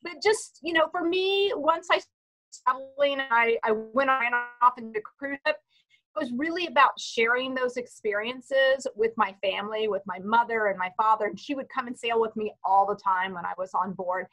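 A woman's voice: fairly high pitch, moderate pace, fairly bright tone, soft background music, low-quality recording. A woman from Texas, a panelist chatting casually and telling a story with lots of restarts. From Texas, USA. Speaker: panelist, cruise business president.

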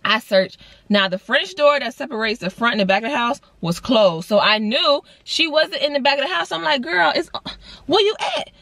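Young woman in her twenties, casual storytime vlogger, lively voice jumps, dry close sound. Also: on the high side, fairly quick, dry recording. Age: 20s. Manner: animated storytelling with big voice jumps for quoted lines; casual slangy talk, addresses viewers as y'all. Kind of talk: storytime vlog.

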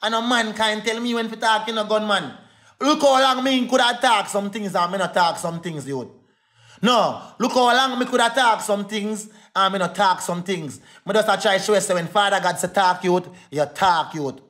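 A man's voice: high voice, normal speed, a bit bright. A young Jamaican man in a heated livestream rant, defiant and repetitive, calling out to his viewers.

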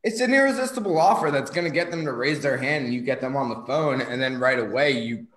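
A man's voice: medium pitch, lively intonation, fast, a bit bright, reverberant, low-quality recording. A man from New York talking casually on a livestream as co-host, blunt and swearing freely.

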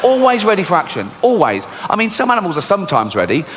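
A middle-aged man with an English accent doing a stand-up comedy set, swearing freely and telling dark jokes in a deadpan way. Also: sits high, fast. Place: large theatre stage. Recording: reverberant live theatre recording, faint hiss.

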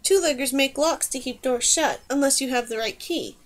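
A woman voicing a bold, stubborn young girl who talks quickly and bluntly in a storybook reading. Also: high-pitched, natural voice.

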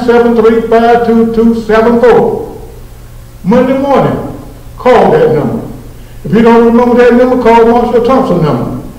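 A man's voice: extremely high pitch, darkish tone. A man preaching a fervent sermon, pleading with listeners and repeating his appeals. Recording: very echoey room, voice from far off.

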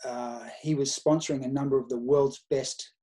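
Here a nutrition researcher and coach, a middle-aged Australian, chats as a podcast guest, spinning anecdotes that quote earlier conversations. His mid-range voice is mellow and steady, delivered at a normal speed in this casual interview.

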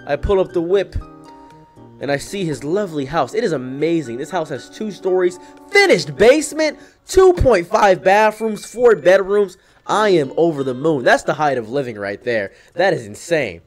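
A young man hosting a comedic storytime, delivering it in a deadpan, mock-dramatic way with wry asides. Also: on the high side, normal speed, soft background music. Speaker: storyteller, channel host.

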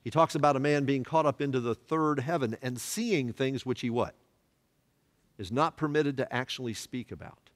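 A man's voice: medium pitch, moderate pace. Man teaching in an echoing church. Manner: asks the class questions and has them fill in words. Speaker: Bible study teacher. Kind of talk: church Bible study teaching.

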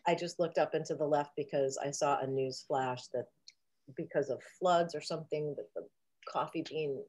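Woman guest, lowish voice, rambling and theatrical, playing it for laughs on a video call. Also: steady tone, moderate pace, darkish tone. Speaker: interview guest. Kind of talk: casual video chat.

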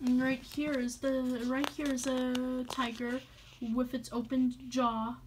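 A woman reading a children's storybook aloud at a slow, unhurried pace. She speaks in a halting way, with fillers and restarts between lines. Her voice sits fairly high, with a faint ambient hum behind it. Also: flat delivery.

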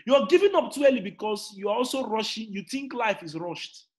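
A Nigerian man in his thirties giving a motivational talk, emphatic and repetitive, dropping quiet then shouting. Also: high-pitched, expressive, moderate pace. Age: 30s. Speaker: motivational speaker. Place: indoors in an air-conditioned room.

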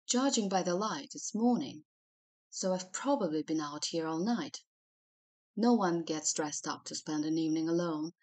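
Low-voiced woman narrating an audiobook. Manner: measured, expressive storytelling. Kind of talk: first-person novel narration.

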